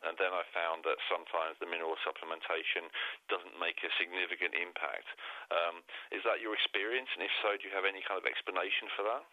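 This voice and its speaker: Deep-voiced guy hosting a podcast, earnest, sounds like he's on a phone line. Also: steady tone, dry recording. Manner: measured, earnest, reassuring. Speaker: podcast host. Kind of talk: casual podcast conversation. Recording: thin phone line, dry.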